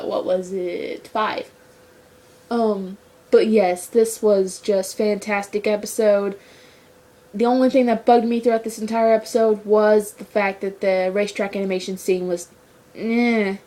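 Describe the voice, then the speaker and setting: A woman giving a casual episode review, rambling and excitable, with lots of "like" fillers. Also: on the high side. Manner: rambling, excitable fan talk with many "like" fillers. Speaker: show reviewer.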